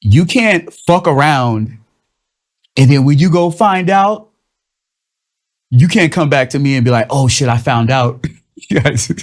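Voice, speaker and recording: A young man hosting his own show, delivering a loose, profane, rambling comedic monologue and slipping into quick mocking voices. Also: fairly high pitch, lively intonation. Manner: loose, profane, rambling storytelling with shifting vocal impressions. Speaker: host of a comedic commentary show.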